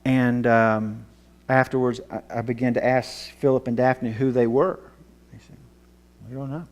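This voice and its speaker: A Bible teacher shares a personal story during a sermon, earnest and emotional, his voice sinking low at the tense parts. His tone is steady and darkish, and he speaks a little slowly.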